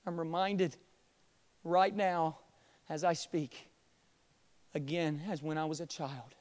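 A young man preaching a sermon in a church, swinging from hushed, quiet passages to loud, impassioned pleading. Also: a little high, fairly even intonation, slow pace. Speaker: pastor. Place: church sanctuary.

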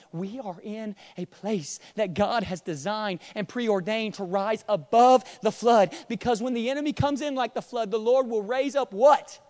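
A young man preaching a sermon in a church, swinging from hushed, quiet passages to loud, impassioned pleading. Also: high voice. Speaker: pastor. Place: church sanctuary.

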